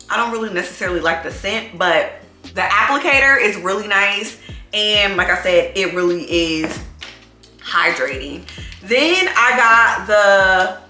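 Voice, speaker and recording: Woman, casual vlog chat, bright tense voice, rambling delivery, roomy echo. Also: mid-range voice. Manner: rambling storytelling full of "like". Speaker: vlogger, single mom.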